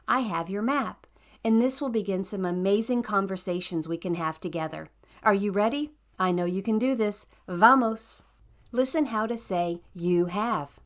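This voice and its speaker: A woman narrating a scripted language lesson in an upbeat, encouraging way. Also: medium pitch. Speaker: language teacher.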